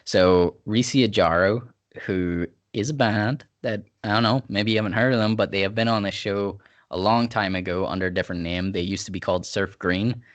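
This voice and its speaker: A man's voice: fairly low pitch, fairly even intonation, brisk. A man hosting a podcast in a rambling, laid-back chat, sipping whiskey. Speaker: podcast host. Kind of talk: casual chat.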